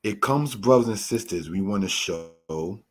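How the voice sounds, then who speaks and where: A man teaching a Torah lesson, explaining word meanings in a measured way and addressing his listeners as brothers and sisters. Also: on the low side, lively intonation. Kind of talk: slow spoken Bible lesson.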